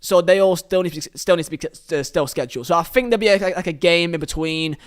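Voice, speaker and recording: Quick and clear, with a resonant tone and a fairly high pitch, a man reviews football alone on his podcast. Earnest and full of opinions, he rambles and often restarts what he's saying.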